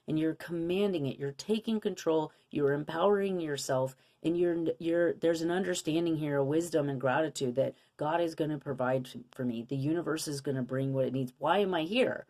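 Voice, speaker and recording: A young woman with a low-pitched voice talks viewers through a spiritual card reading. She sounds earnest and coaching, and keeps asking rhetorical questions. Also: fairly quick, few pauses, a little mellow. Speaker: intuitive card reader.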